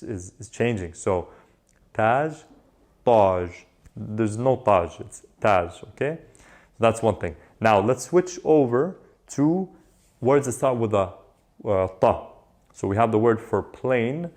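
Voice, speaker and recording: A man leads an online language lesson in a relaxed, conversational tone. His voice sits a bit on the low side. He stretches words out slowly and repeats them so learners can hear each sound. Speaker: Arabic teacher.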